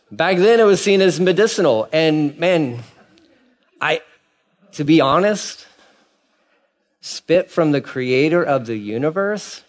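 A man in his thirties preaching a sermon as pastor, conversational and animated, acting out quick asides. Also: on the high side.

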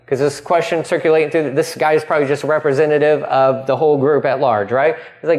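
A man preaching a sermon as pastor, animated and quick to act out voices, often restarting his sentences. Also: on the high side. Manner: animated, acting out voices in dialogue; frequent restarts and stumbles.

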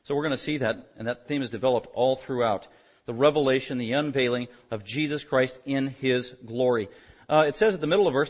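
A man preaching an expository sermon as pastor, emphatic and surging louder on key words. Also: medium pitch, fairly quick. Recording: muffled lo-fi sermon recording.

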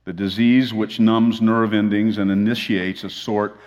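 A male pastor with a fairly low voice delivers a sermon from a church sanctuary. He mixes a humorous personal story with a passage read aloud. A long hall reverb trails after his words. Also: flat delivery, measured pace, darkish tone, dull audio.

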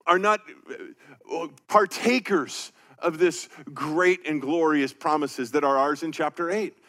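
A man preaching a verse-by-verse sermon, earnest and emphatic, slowing down to read scripture aloud. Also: sits high, a bit bright. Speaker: pastor. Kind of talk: sermon teaching through scripture.

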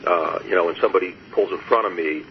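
A man, a therapist speaking as an interview guest, reflective and storytelling, with soft laughs and frequent fillers. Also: deep voice, fast talker. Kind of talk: conversational interview. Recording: muffled lo-fi audio with faint hiss.

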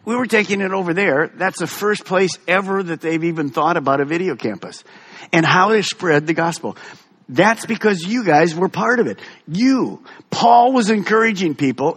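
Animated husky-voiced male preacher. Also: on the high side. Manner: animated, emphatic preaching with wide swings. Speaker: pastor. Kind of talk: sermon.

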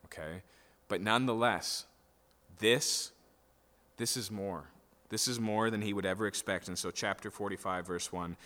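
A man preaches through a passage in a conversational way and keeps checking in with "okay?" and "right?". His voice sits fairly low yet sounds bright and forceful. Long reverb from a large hall trails each phrase. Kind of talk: expository sermon.

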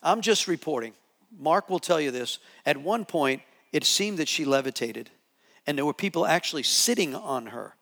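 Male preacher, higher voice, animated testimony, reverberant hall sound. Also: normal speed. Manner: animated, repetitive storytelling with restarts. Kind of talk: sermon testimony storytelling.

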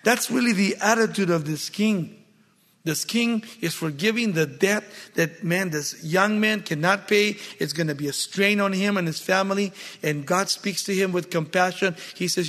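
A man's voice: high voice, a bit bright, in a large hall. A man preaching a sermon, reading scripture aloud and then expounding on it with emphatic repetition.

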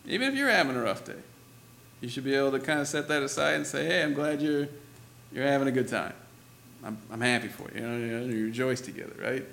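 A man's voice: mid-range voice, lively intonation, fast, creaky, fairly bright tone. A man preaching a sermon in a church, talking conversationally and laughing often, with lots of "you know" and "right?". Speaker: pastor.

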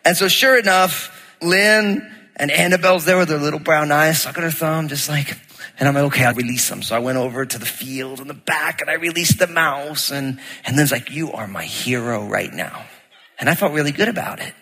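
A middle-aged man preaching a sermon as pastor, telling a story in an animated way and acting out what people said. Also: a little high, fairly quick, big-room sound. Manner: storytelling, animated, acts out quotes.

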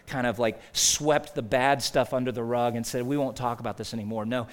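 A man preaching a sermon in a conversational way, rising to loud emphasis and dropping to near-quiet asides. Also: on the high side. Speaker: pastor.

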